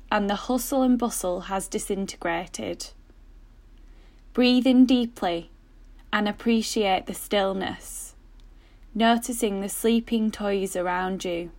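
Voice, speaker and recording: A man voicing a calm female store announcer over the tannoy, slow and hypnotic like a guided meditation. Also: sits high, pitched above the performer's own voice.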